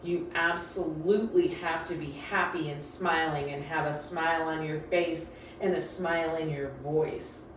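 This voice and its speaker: A woman dog trainer talks through her lessons in a casual, emphatic way, often repeating herself for stress. Her voice sits low. It rings through a very echoey room from a mic placed some distance away. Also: fairly even intonation, measured pace, a little hiss or hum. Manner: emphatic, repetitive, chatty. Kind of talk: casual instructional talk.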